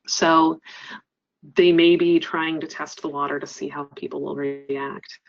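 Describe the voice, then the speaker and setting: A woman trainer giving a webinar presentation, explaining earnestly and often pausing with "um". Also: low-pitched, flat delivery, highs cut off. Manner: earnest, explanatory, frequent ums. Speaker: crisis center trainer.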